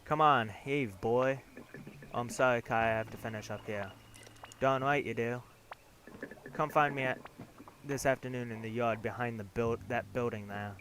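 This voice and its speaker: A man reading as a gruff, bossy worker. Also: medium pitch, fairly even intonation, normal speed, a bit bright, slight background noise, close to an everyday voice. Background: game music.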